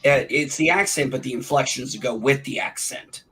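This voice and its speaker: A man's voice: medium pitch, brisk, pushed and bright, husky, poor audio. A man from Illinois with a Midwestern accent tinged with Southern, chatting on a video call in a rambling way. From Illinois, near St. Louis. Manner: rambling, restarts often. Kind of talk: casual chat.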